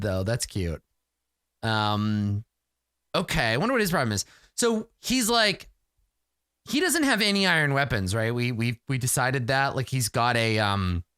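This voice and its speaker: A man's voice: medium pitch, sharp tone, dry recording, studio quality. A man playing a solo tabletop game aloud, rambling and self-amused as he narrates.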